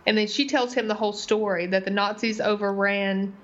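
A woman talks through a TV episode, retelling scenes in detail. Her voice sits at a medium pitch. The recording is a little dull and lo-fi. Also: fairly even intonation, a little fast, fairly bright tone. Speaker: podcast co-host. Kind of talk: casual TV recap chat.

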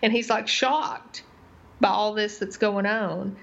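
A woman's voice: mid-range voice, slow pace, vocal fry. A woman, casually retelling a TV drama scene by scene as a podcast co-host. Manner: animated storyteller, retells scenes in detail. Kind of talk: casual TV recap chat. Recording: slightly dull lo-fi recording.

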